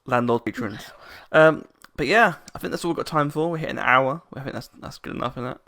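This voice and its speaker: A man's voice: mid-range voice, a little fast, gravelly, bright, forceful tone. A man co-hosting a podcast in casual chat, rambling, restarting his sentences and laughing often. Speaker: podcast co-host.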